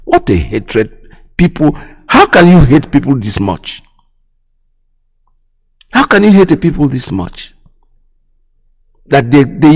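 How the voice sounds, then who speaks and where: Indignant Nigerian man, long reverb. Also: a little high. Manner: indignant, repeats phrases, asks sharp rhetorical questions. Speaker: radio host. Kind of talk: impassioned political commentary.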